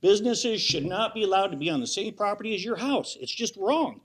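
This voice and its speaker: A man's voice: high voice, big pitch swings, a little fast, slightly rough. A man giving public comment at a county hearing, worked up and insistent, repeating his complaints.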